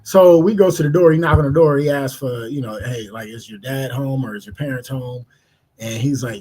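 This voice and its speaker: A man from Cleveland co-hosting a podcast, telling a story in a casual, animated way and acting out the voices in it. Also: medium pitch, a little fast, slightly rough. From Cleveland, Ohio. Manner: animated, laughing, acts out voices in his stories. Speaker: podcast co-host.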